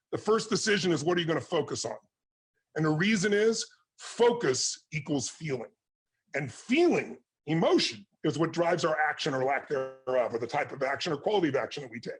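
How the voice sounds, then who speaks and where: Casting note: a forceful motivational speaker, a man whose voice runs raspy and higher than most. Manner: forceful, passionate, emphatic. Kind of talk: intense motivational talk to an interviewer and audience.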